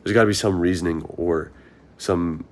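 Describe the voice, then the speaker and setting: A man's voice: sits low, steady tone, normal speed, a little mellow. A young man, a marathon runner, talking through his thoughts in an earnest, rambling vlog monologue, often asking himself questions.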